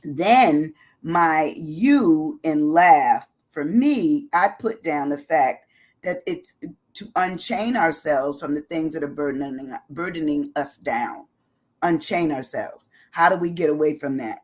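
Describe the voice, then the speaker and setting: Low-voiced woman giving a chatty motivational talk. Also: slow, darkish tone. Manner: chatty, laughs easily, repeats phrases for emphasis. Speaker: host. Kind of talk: motivational live-stream talk.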